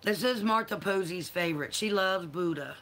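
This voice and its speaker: A woman's voice: on the low side, moderate pace, a bit bright. A Southern woman chatting casually on her livestream, greeting viewers by name and cooing to her dogs; she says she is a little tired. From American South. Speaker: livestream host.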